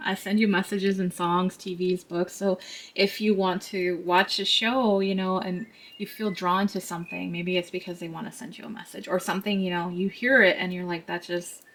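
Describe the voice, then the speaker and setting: A woman giving an intuitive card reading to her viewers, speaking softly and emotionally, sometimes close to tears. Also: lowish voice, creaky, poor audio. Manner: soft, emotional, near tears, laughing at herself. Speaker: tarot reader.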